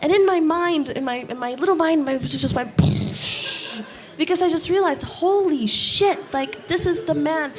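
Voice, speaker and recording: A woman's voice: high voice, unhurried. Candid, swearing woman on stage. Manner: candid, self-mocking, swears freely, acts out quotes. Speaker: artist giving a stage talk. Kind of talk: informal inspirational talk on stage. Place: event stage before a live audience.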